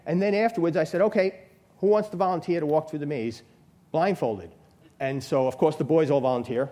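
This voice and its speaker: A man delivers an informal sermon. He talks in a chatty, storytelling way, his fairly high voice climbing whenever he presses a point home. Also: mellow. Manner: conversational storytelling, rising pitch when stressing a point. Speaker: lay preacher. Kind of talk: informal sermon with personal stories.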